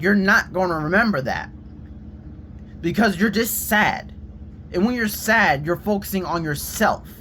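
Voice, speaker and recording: A young man telling a story to his viewers in a casual, expressive rant. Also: sits high, slight background noise. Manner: animated and expressive, drops to a quiet shaky voice when reenacting himself. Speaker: vlogger.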